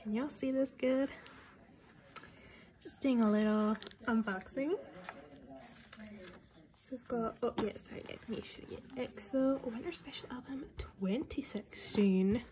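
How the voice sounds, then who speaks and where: A young adult woman vlogger chatting casually and excitedly through an unboxing, nervous and swearing freely. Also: fairly high pitch, unhurried, pauses often, a crowd in the background.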